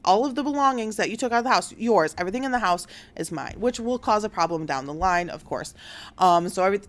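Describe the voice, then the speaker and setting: Hosting a casual online news show, a young woman in a mid-range voice acts out quotes as she retells a story with lots of energy and frequent cursing.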